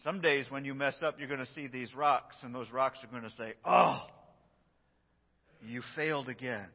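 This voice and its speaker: A man's voice: medium pitch, brisk. A middle-aged man preaching a sermon as pastor, telling stories, acting out quotes and chuckling as he goes. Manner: storytelling, acts out quotes, chuckles often. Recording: dull sound with long church reverb.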